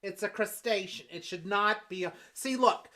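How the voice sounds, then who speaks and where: A woman improvising a fussy, demanding woman on a Valentine's date, stammering and bossy, bursting into shouts. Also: medium pitch, normal speed, lightly acted. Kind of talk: improvised comedy scene.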